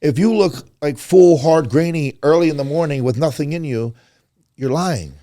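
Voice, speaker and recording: A man's voice: on the high side, moderate pace, no room sound, clean studio sound. A man, a pro bodybuilder guest on a podcast, talking candidly and casually, swearing and acting out what others said. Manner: candid, swears, quotes others in animated voices.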